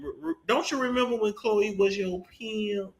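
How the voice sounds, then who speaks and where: A man hosting celebrity gossip commentary, talking in a profane, mocking way with sudden bursts of shouting. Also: sits high, fairly quick, creaky. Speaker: commentary host. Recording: echoey room.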